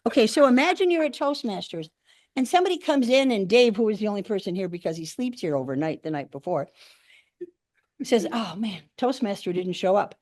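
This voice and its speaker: Speaking a little fast in a mid-range voice, an older woman delivers a funny talk to a speaking club in a meeting room. She tells her stories with animation and performs the quoted lines. The sound is dry and of studio quality.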